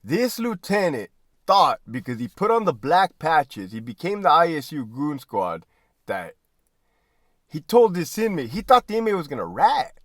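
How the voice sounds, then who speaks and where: A former prison guard spins his stories in a loose, profane way, breaking into laughter and checking in with "right?". His voice sits a bit high for a man and swings widely in pitch. The sound is dry and close. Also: normal speed, no echo. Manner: profane, laughs often mid-sentence; animated, asks "right?" constantly. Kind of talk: casual storytelling.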